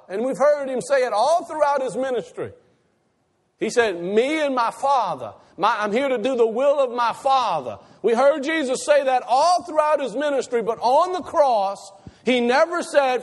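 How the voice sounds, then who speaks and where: High-voiced man preaching a sermon. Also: lively intonation. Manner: emphatic, asks the congregation questions, repeats key lines slowly.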